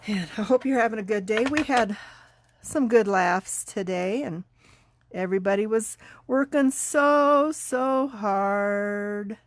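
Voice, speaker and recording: Slow-talking congested woman teaching crafts. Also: mid-range voice, slight background noise. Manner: chatty, unhurried, talks while working. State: congested, sniffling. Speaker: card-making class teacher. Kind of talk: casual craft tutorial.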